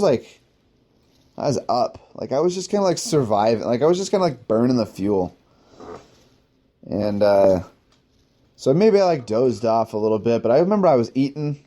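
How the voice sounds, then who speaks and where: A man's voice: mid-range voice, warm tone. Rambling, profane man telling stories. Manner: rambling, profane, heavy use of "like"; laughs at himself mid-story. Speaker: podcast host telling war stories. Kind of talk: casual personal storytelling.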